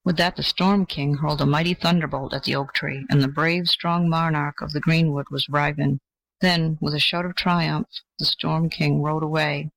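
Gentle storybook narrator, dry close sound. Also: mid-range voice, fairly even intonation, normal speed, creaky, no room sound, low-quality recording. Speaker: audiobook narrator.

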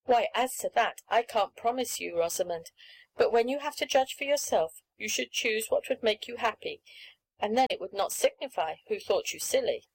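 A woman voicing a patient, gently firm mother in a storybook reading, speaking in a measured way. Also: fairly high pitch, animated, slightly rough, rough recording. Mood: calm.

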